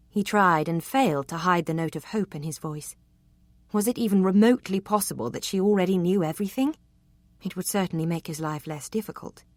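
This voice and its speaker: A woman narrating a romance novel, with an expressive, even reading. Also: fairly low pitch, a little fast, no echo. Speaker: audiobook narrator.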